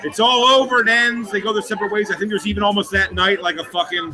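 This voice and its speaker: Male comedian, high voice, rambling profane storyteller over crowd chatter. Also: steady tone, fast, poor audio. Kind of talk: anecdotal storytelling in a documentary interview.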